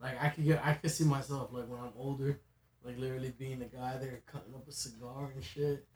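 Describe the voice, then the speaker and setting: A man hosting a casual podcast, chatting in a relaxed, slangy way. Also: medium pitch, brisk. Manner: relaxed, slangy, says "bro". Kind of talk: casual chat. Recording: echoey room with faint noise.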